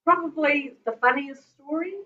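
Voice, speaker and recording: A woman's voice: high-pitched, moderate pace. A woman, giving a chatty, emotional tribute at a family gathering, often laughing. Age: 50s. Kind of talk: informal memorial speech. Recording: roomy, distant, muffled, faint hiss.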